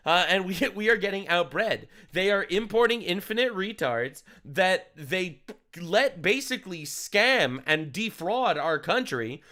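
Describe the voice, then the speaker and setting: A man's voice: high voice, sharp tone. A man streaming commentary over video clips, crude, heated and sarcastic in his delivery.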